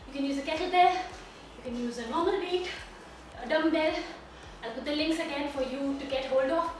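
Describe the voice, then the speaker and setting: A woman's voice: sits high, normal speed, slight background noise. A woman with an Indian accent coaching a home workout while exercising herself, out of breath as she talks through each move. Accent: Indian English. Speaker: fitness instructor. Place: room at home. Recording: very echoey room, from far off.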